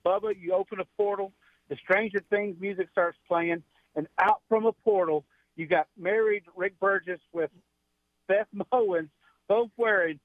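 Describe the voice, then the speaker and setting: A male caller rattles off a rambling, excited bit on the air. His voice sits high, and it comes through a thin, tinny phone line with no room sound. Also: normal speed, no room sound. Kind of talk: phone-in comment.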